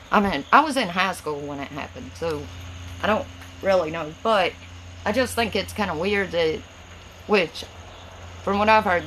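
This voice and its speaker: A Southern woman with a Tennessee accent talks slowly to viewers on a phone live stream, reading out their comments and answering each one. Her voice is gravelly and her words run together, with a slight stutter. A faint hiss of background noise sits under her voice. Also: lowish voice. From Southern United States.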